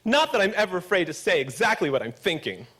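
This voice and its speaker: A man from Pennsylvania with a gravelly voice, giving a public talk at a conference with wry, joking asides, at times a little mumbling. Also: sits high, sing-song, fast, bright, forceful tone. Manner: slightly mumbling when not projecting. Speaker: conference speaker.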